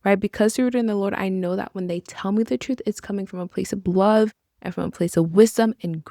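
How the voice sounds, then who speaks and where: A woman's voice: medium pitch, fairly quick, vocal fry, mellow, dry recording, clean studio sound. A young woman hosting a podcast, speaking in an earnest, encouraging way with casual asides. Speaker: podcast host. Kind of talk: reflective podcast monologue.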